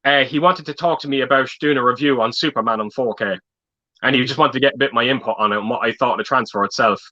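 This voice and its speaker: A man's voice: mid-range voice, fast, pushed and bright, highs cut off. A man in a casual livestream chat, telling rambling stories and often repeating his words.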